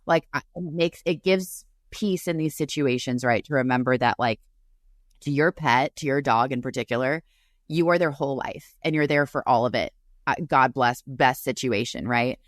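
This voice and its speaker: Speaking from a separate room on a remote recording, a woman co-host with a very deep voice talks at a moderate pace in studio-quality audio with no room sound. In this casual chat she comforts her friend, rambling and tearful.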